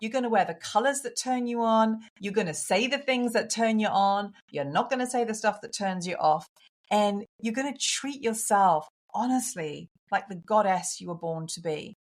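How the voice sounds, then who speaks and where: A woman with a British accent speaks as a podcast guest, earnest and emphatic, with easy laughter breaking through. Her pitch sits in an ordinary middle range. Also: normal speed. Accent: British English. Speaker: podcast guest, coach for women. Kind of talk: casual interview conversation.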